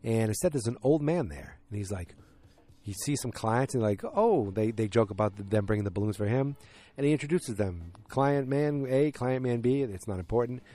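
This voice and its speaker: A man's voice: medium pitch, brisk, mellow. A man hosting a solo podcast, recapping a TV series in a casual, rambling way with frank, loose swearing.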